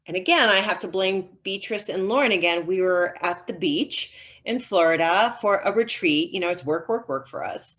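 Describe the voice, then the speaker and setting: Middle-aged lady writer, kinda low voice, chatty, lots of ums, video call. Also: a bit bright. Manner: chatty storyteller with frequent ums and restarts. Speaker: novelist, guest author. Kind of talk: casual conversational interview.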